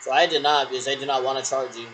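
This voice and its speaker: A man's voice: mid-range voice, steady tone, rapid-fire, a bit bright, slight background noise, poor audio. A man in a rambling solo monologue who repeats himself and answers his own questions.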